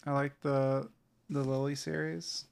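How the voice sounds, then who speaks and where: A man co-hosting a casual podcast chat, playful and quick to argue a point. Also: mid-range voice, little pitch movement, creaky, smooth. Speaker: podcast co-host.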